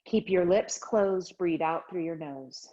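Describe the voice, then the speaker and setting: A woman yoga teacher leading a chair yoga class with slow, soothing guided instructions. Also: lowish voice, warm tone, muffled recording. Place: home studio livestream.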